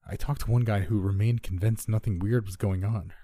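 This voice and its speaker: A man delivers scripted first-person horror narration with no echo, his voice low, husky, dark and mellow. He keeps a steady tone, subdued and measured, and the sound is close and dry.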